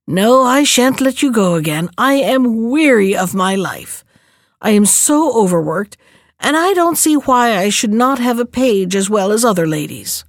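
A woman voicing a bossy, overworked giantess who talks in loud, commanding tones. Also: fairly high pitch, animated, moderate pace, no room sound, clean studio sound. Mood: gloating. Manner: loud, commanding, mock-sweet.

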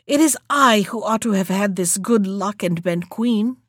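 A woman's voice: mid-range voice, a little slow, no room sound, studio quality, lightly acted. A woman voicing a spiteful, envious young woman who speaks reproachfully in a storybook reading.

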